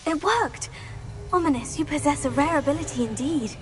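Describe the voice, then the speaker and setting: A woman voicing a young witch student who crisply calls out spell incantations. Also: sits high, normal speed, close to an everyday voice. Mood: eager. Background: loud game music.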